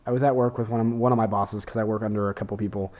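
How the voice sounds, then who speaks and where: A young Texan hosts a podcast in a casual monologue, rambling, profane and self-deprecating, full of fillers and restarts. His voice is fairly low and a little mellow, with fairly even intonation, and he races along.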